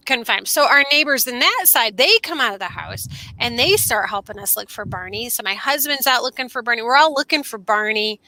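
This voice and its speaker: A woman co-hosting a casual podcast chat, telling a story in a lively way and acting out the voices she quotes, talking on a video call from outdoors. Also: a little high, fairly quick, no room sound. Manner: animated, acts out quoted voices. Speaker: podcast co-host. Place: outdoors under an umbrella.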